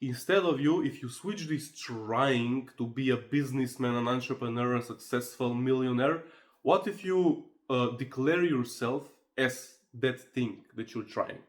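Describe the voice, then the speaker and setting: A man's voice: mid-range voice, measured pace. A man speaking to camera in a casual, earnest motivational monologue, persuasive and loose with fillers. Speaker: motivational vlogger.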